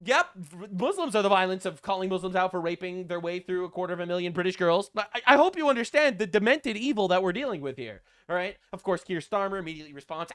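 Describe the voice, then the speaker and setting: A man's voice: high-pitched, expressive, fast, hardly any pauses. A man giving sarcastic, profane political commentary, mocking the people he talks about. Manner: mimics quoted politicians in put-on voices.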